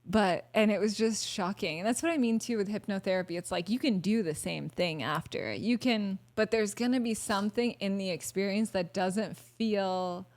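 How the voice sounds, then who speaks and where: A woman's voice: mid-range voice, normal speed, hardly any pauses, a little mellow. A woman guest on a podcast, talking candidly and animatedly, swearing now and then and acting out her own thoughts. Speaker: podcast guest, hypnotherapy practitioner. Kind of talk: casual podcast conversation.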